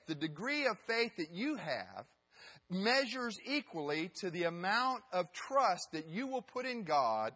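Male pastor, sermon, emphatic storytelling, a bit high-pitched, occasional fillers. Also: sing-song, a little slow, sharp tone, slightly rough.

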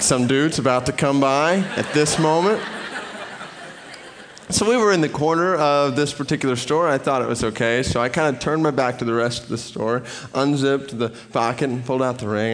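Male preacher, middle-aged, storytelling sermon, mid-pitched voice. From Atlanta area, US. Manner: storytelling, animated retelling.

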